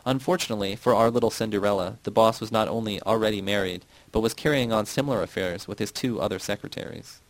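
A man's voice: on the low side, fast talker, few pauses, no echo, rough recording. A man reading a novel aloud as scripted narration, voicing its heated dialogue with shifting intensity. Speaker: audiobook reader.

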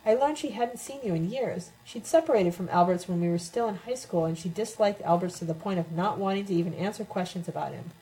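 Woman narrating an audiobook, mellow warm tone, expressive reading. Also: mid-range voice, fairly quick, few pauses, low-quality recording. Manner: expressive first-person reading. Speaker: audiobook reader.

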